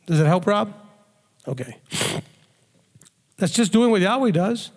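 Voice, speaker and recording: A man teaching a sermon-style question and answer session, calm and explanatory, sometimes acting out what a parent would say. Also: sits high, a little slow, in a large hall. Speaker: rabbi teaching a Q&A.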